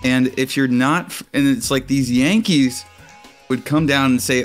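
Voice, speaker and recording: A man's voice: mid-range voice, moderate pace, faint music behind. A man from the US Gulf Coast co-hosting a casual podcast, rambling and opinionated. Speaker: podcast co-host. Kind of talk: casual chat.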